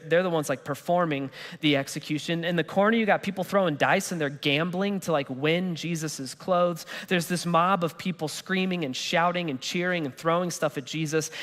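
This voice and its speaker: A man preaching a sermon as pastor, in a lively, conversational way with casual slang. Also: on the high side. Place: church auditorium. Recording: church hall reverb.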